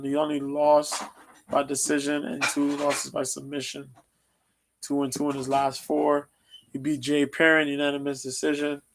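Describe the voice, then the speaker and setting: Male stream host, gravelly, monotone, casual fight-preview chatter full of ums. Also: medium pitch, low-quality recording. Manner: loose, rambling, lots of ums.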